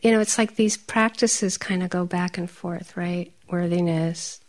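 Woman giving a lively meditation talk. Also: lowish voice, a little slow. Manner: animated storytelling, laughs often, drops to soft whisper. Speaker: meditation teacher. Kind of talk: dharma talk.

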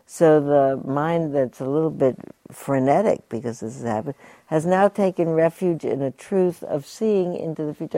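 A woman meditation teacher giving a dharma talk, telling a story gently and unhurriedly, with asides to her listeners. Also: deep voice, lively intonation, moderate pace, no echo.

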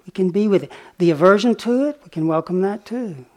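Gentle, unhurried male meditation teacher. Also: high voice, lively intonation. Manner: gentle, unhurried, with pauses and fillers. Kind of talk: dharma talk storytelling. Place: retreat center meditation hall.

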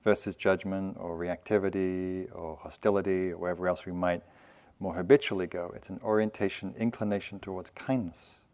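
A man teaching at a meditation retreat, speaking in a gentle, loose, conversational way with light self-mocking humor. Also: low-pitched, steady tone, fairly quick. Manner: loose, with frequent fillers and restarts. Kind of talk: dharma talk at a meditation retreat.

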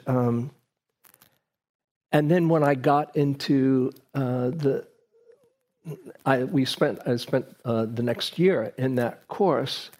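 A man giving a reflective dharma talk to a group, telling a personal story with frequent restarts. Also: mid-range voice.

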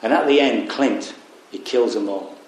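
Male meditation teacher, mid-pitched, calm dharma talk, very echoey hall. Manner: reflective, pausing, wry asides. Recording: very echoey room.

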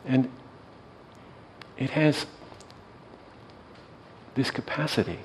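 A soft-spoken man tells a story gently, drawing on his hospice work. His low voice has a strong gravelly fry. He checks in with his listener often. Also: normal speed, slight background noise, rough recording. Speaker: hospice worker and meditation teacher.

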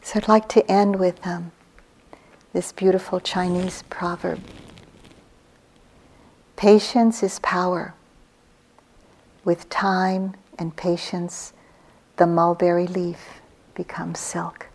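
A woman in her sixties, a meditation teacher giving a gentle, reflective dharma talk on retreat, her phrases trailing off softly. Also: on the low side, flat delivery. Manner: slow, gentle, reflective storytelling with soft breathy trailing phrases.

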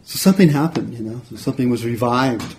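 A man, a meditation teacher, telling a story in a relaxed, conversational dharma talk. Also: medium pitch, fast talker, a little hiss or hum. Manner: relaxed, conversational, frequent "you know". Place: retreat center hall.

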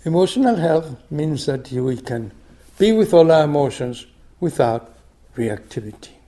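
Soft-spoken older man, slow dharma talk. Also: fairly high pitch, big pitch swings. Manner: soft, unhurried, phrase ends dropping to a whisper. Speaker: meditation teacher. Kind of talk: dharma talk, reading a story aloud.

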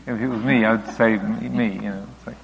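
A man, a Buddhist teacher, answering questions in a reflective, gently explaining way, now and then voicing thoughts aloud. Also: lowish voice, steady tone, quick pace, gravelly, dull audio, a little hiss or hum. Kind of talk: dharma talk Q&A.

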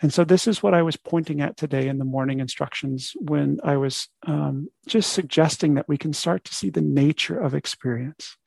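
A man gives a dharma talk on meditation in a conversational way, often checking in with "right?" asides. His voice is on the high side, gravelly, darkish and breathy, at a moderate pace with hardly any pauses, in a dry recording.

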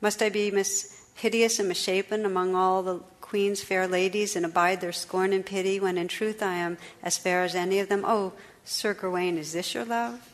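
A woman's voice: medium pitch, fairly even intonation, normal speed, hardly any pauses, long reverb tail, close to an everyday voice. Woman voicing Lady Ragnell, tearful enchanted noblewoman. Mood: sorrowful. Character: enchanted noblewoman, tearful and gentle, under a curse.

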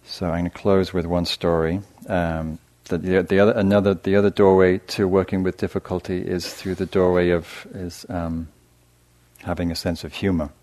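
A middle-aged man giving a gentle dharma talk as a meditation teacher, soft-spoken and hesitant, with fillers and restarts. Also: low-pitched, flat delivery, normal speed. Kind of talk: dharma talk to a live audience.

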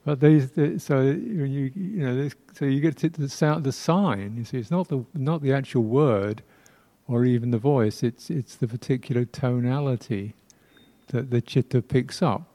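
Mellow-voiced man giving a reflective dharma talk. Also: medium pitch. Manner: reflective, unhurried, with pauses and soft laughs; playfully imitates speech sounds. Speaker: Buddhist teacher. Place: temple hall.

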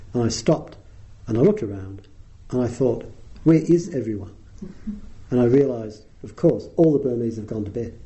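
Dark-voiced man telling wry meditation stories. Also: mid-range voice, rough recording. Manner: wry anecdotal storytelling, chuckling at his own tales. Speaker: meditation teacher. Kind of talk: dharma talk.

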